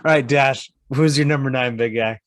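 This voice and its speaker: A man's voice: medium pitch, normal speed, no room sound. A man co-hosting a podcast, rambling through his points and teasing the others. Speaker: podcast co-host. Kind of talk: casual podcast chat.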